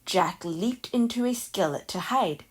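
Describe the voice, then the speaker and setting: A woman narrating a children's picture book aloud in a calm, unhurried storytelling manner. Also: mid-range voice, husky.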